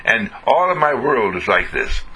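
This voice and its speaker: A man's voice: medium pitch, very animated, moderate pace, sharp tone, rough recording. A man from a ministry giving a recorded inspirational message, full of exuberant, repetitive affirmations. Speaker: ministry speaker.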